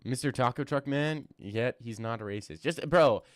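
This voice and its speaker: A man's voice: mid-range voice, normal speed, no room sound. A young man streaming and answering his chat in a joking, stammering banter, recorded close and dry. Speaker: streamer reacting to fight news and chat. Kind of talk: casual live-stream chat.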